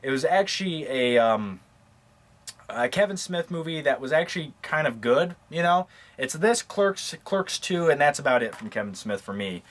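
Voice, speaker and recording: A man casually touring his movie collection, talking quickly and offhandedly, cracking crude jokes and losing his train of thought. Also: fairly high pitch, animated, a bit bright, a little hiss or hum. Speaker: movie reviewer. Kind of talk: casual rambling collection tour.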